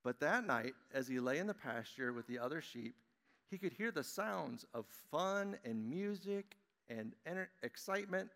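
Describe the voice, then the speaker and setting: A man giving a children's message in church, reading a storybook aloud to children in a friendly, animated way. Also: a little high, moderate pace, vocal fry. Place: church sanctuary. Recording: long church-hall reverb.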